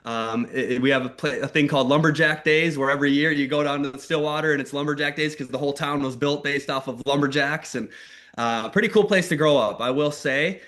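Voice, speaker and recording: A man in his thirties from Minnesota, giving a lively motivational talk with stories on a mentorship call. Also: a little high, fast talker. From Minnesota, USA. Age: 30s. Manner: energetic, acts out quoted voices loudly. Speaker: network marketing mentor. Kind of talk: motivational storytelling on a group call.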